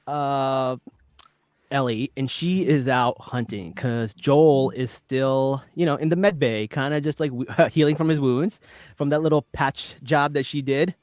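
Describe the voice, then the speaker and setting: A man's voice: mid-range voice, a little slow, darkish tone, no echo, studio quality. A man hosting a podcast, chatting casually and laughing often as he recaps an episode. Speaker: podcast host.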